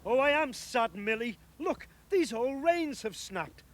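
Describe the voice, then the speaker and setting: A man voicing a jolly, kindly old Father Christmas in a storybook reading, warm and fatherly. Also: extremely high pitch, expressive, unhurried, slight background noise, pitched above the performer's own voice. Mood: sad.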